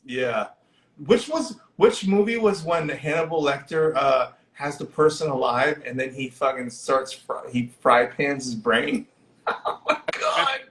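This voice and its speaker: A man hosting a casual movie discussion on a livestream, animated and profane as he retells scenes. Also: mid-range voice, measured pace, reverberant. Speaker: podcast host.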